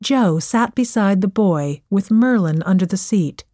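A woman narrating a story in a clear, measured way. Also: medium pitch, lively intonation, dark tone, dry recording, clean studio sound. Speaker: audiobook narrator.

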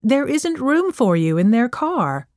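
A woman's voice: high voice, big pitch swings, measured pace, darkish tone, no echo, studio quality, voice pushed up. A woman voicing a tired, stern mother in a storybook reading, scolding in a raised voice.

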